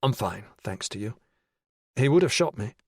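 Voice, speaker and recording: A man's voice: mid-range voice, expressive, moderate pace, breathy edge, no echo. A man voicing an unconventional male detective with a dry, understated way of speaking. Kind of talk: audiobook character voice.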